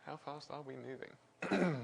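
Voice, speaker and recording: A man's voice: on the high side, slow, creaky, slight background noise. A man presenting a science livestream on a wireless mic, chatting casually, self-deprecating and laughing often. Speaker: presenter and physicist.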